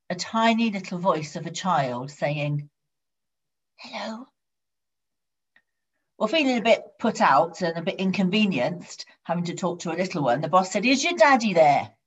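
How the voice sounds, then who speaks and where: A woman preaches a sermon with a steady, measured storytelling delivery. Her voice sits low for a woman. The recording is dull and lo-fi. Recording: dull lo-fi sound.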